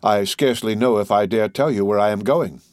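A man voicing an urbane, composed middle-aged count in an audiobook, speaking with smooth, measured courtesy. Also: lowish voice, darkish tone, dry recording, clean studio sound, close to an everyday voice. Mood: courteous.

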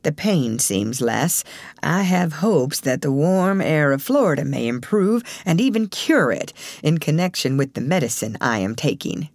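A woman voicing a hoarse, aging male actor who speaks gently to his daughters. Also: a little high, very animated, unhurried, no room sound, clean studio sound. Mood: gentle. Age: older.

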